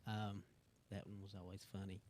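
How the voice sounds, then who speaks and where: A man in a casual chat, slowly recalling a favorite commercial. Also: deep voice, flat delivery, darkish tone.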